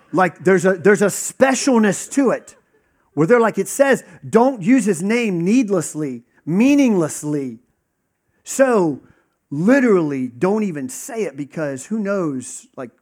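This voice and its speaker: A man's voice: on the high side, a little mellow. A man preaching a conversational sermon, teaching casually with lots of fillers and acted-out dialogue.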